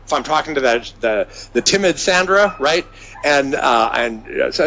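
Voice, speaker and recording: A man giving an energetic seminar lecture as a business trainer, emphatic and often checking in with his listeners. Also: mid-range voice, moderate pace, slight background noise.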